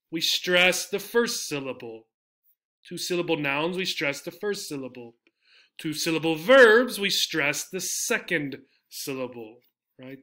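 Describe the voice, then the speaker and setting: A man teaching English pronunciation, saying example words slowly and repeating them with heavy stress. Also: high voice, sharp tone. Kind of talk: slow, deliberate teaching.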